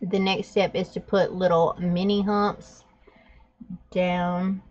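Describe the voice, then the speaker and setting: Animated woman vlogger, lo-fi sound. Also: lowish voice, slow pace. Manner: animated, laughing storytelling. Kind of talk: casual chat and drawing tutorial. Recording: dull lo-fi sound.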